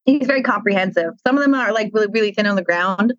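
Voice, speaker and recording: A woman's voice: medium pitch, quick pace, no echo, lo-fi sound. Rambling enthusiastic woman guest. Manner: enthusiastic, rambling, hedging with fillers. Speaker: podcast guest. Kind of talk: casual podcast chat.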